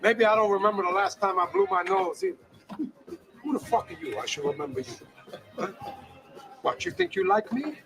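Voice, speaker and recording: A man's voice: high voice, very animated, fairly quick, gravelly, long pauses, music in the background, heavily acted, rough recording. An actor playing a contemptuous, threatening male ex-gangster who snarls profane put-downs in a film scene.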